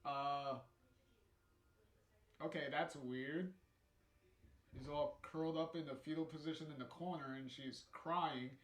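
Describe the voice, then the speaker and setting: A man's voice: a little high, steady tone, a little slow, pauses often, roomy sound. A man streaming live, reading a comic aloud and chatting about it casually, swearing freely and laughing easily. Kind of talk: casual live read-along commentary.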